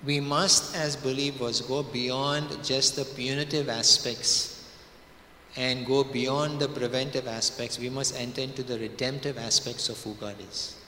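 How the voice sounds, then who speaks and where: A male preacher delivers his sermon with a bright, forceful voice. He leans hard on key words, stretching them out and repeating lines for weight. The sound rings in a large hall with long reverb and a faint hum of ambience. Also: medium pitch, steady tone, unhurried. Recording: echoey hall.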